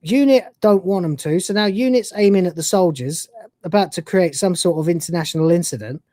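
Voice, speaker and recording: A man's voice: high-pitched, fairly quick, darkish tone, no room sound, clean studio sound. A man hosting a live review stream, ranting and swearing in exasperation. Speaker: host.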